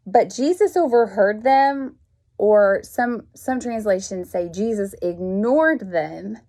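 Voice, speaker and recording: A woman's voice: medium pitch, mellow. A woman, reading and explaining a Bible passage in a folksy, conversational way. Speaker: Bible teacher. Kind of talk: informal devotional teaching.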